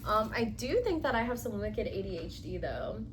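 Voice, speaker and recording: A young woman's medium-pitched, sing-song voice comes at a moderate pace over some background noise. Indoors in a home room, she rambles giddily while building furniture, her casual storytime chat filled with fillers and squeals.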